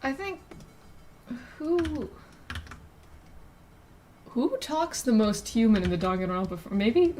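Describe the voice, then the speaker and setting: A woman's voice: a little high, big pitch swings, takes it slowly, pauses often, darkish tone, a little hiss or hum. A woman streaming as a VTuber, chatting casually in a rambling way that keeps interrupting itself with giggly asides. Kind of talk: casual live-stream chat while drawing.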